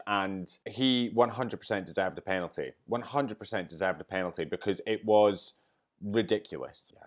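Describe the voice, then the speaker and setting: A man hosting a motorsport podcast, hungover and emotional, talking in an effusive, chatty way. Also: on the low side. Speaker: podcast host. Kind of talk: casual podcast commentary.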